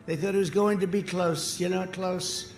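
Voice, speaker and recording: Older man, rally speaker, high-pitched voice, boastful and repetitive, booming echo over faint crowd noise. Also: fairly even intonation, moderate pace. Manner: repetitive, boastful, swings from shouting to mutters. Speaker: political candidate at a rally. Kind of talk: rally speech. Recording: echoey open-air PA sound, faint crowd noise.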